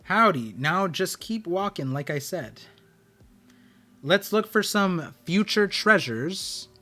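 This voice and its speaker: A man reading the lines of a male scientist who talks like a cowboy, with a slow, easygoing drawl. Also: high-pitched, expressive, pushed and bright, full character voice.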